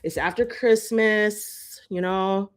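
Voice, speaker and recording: Woman, live-stream host, heated rant, profane, repeats her jabs, mid-pitched voice, phone mic. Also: fairly even intonation, takes it slowly, smooth. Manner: heated, profane, rhetorical and repetitive.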